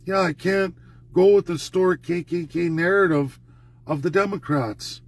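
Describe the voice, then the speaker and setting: A man's voice: high voice, normal speed. A Canadian man delivering an indignant, emphatic political rant to his followers, hammering points through repetition. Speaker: political commentator. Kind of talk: ranting monologue.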